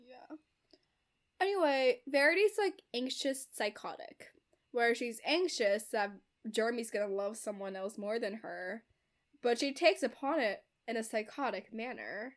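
A woman's voice: fairly high pitch, measured pace. A young woman in casual chat, retelling a story animatedly with lots of fillers and giggles.

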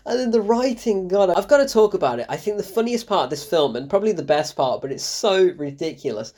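A woman's voice: lowish voice, lively intonation, a little fast, warm tone. Exasperated woman ranting about a film. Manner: exasperated, swearing, laughing in disbelief. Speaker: film reviewer.

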